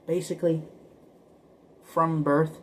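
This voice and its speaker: A vlogger talks to camera in a slow, rambling, casual monologue, frequently repeating himself and stuttering, now and then dropping to a whisper. His voice is fairly high and flat, and the low-quality recording has a little hiss or hum.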